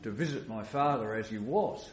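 A man's voice: lowish voice, animated, moderate pace, echoey room, a little hiss or hum. A man preaching a sermon as a pastor in a church, talking earnestly with restarts and many "you know"s.

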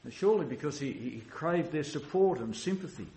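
A man's voice: a little high, expressive, brisk, warm tone, slight background noise. Earnest man preaching in an echoey room. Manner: earnest, with many restarts and "you know"s. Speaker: pastor. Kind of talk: sermon.

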